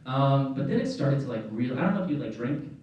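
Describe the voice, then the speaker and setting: A man's voice: medium pitch, lively intonation, brisk, a little mellow, dull audio, a little hiss or hum. Rambling young man doing stand-up. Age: young adult. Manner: rambling, filler-heavy storytelling, laughing at own jokes. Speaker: stand-up comedian. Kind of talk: stand-up comedy set. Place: comedy club stage, indoors. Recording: echoey room from far off, audience laughter.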